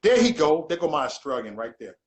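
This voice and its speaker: A man's voice: a little high, big pitch swings, quick pace. A man hosting a casual livestream, talking in an emphatic, repetitive, preachy way. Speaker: livestream host.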